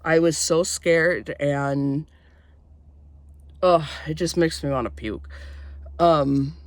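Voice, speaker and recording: A woman vlogger telling a personal story in a halting, rambling way with many fillers, shaken as she recounts a frightening event. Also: low voice, no room sound. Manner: shaken, tense when recounting fear.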